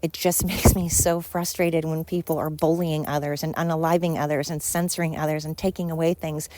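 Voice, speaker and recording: A woman's voice: deep voice, little pitch movement, fairly quick, darkish tone, no echo. A woman hosting her podcast in a casual, earnest monologue, rambling and emphatic with many fillers, a little winded as she walks outdoors. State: slightly winded. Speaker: podcast host.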